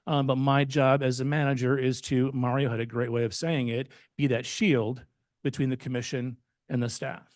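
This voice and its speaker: Male manager, mid pitch, measured and defensive, dry meeting-room sound. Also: little pitch movement, dry recording. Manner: measured, deliberate, slightly defensive. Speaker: village manager. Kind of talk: formal public meeting remarks. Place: commission meeting chamber.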